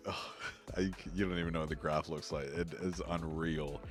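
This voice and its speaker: Deep-voiced man in casual chat. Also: normal speed, soft background music. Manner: laughs often, relaxed and rambling. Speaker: co-host of a gaming news show.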